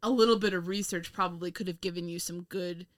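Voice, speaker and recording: A woman's voice: fairly low pitch, steady tone, quick pace. A young woman co-hosting a casual film review chat, rambling, laughing often and swearing with sarcastic asides. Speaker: podcast co-host.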